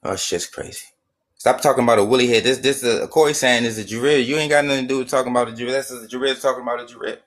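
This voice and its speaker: A man's voice: medium pitch, very fast. A man in a heated casual rant, profane and emphatic. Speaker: streamer.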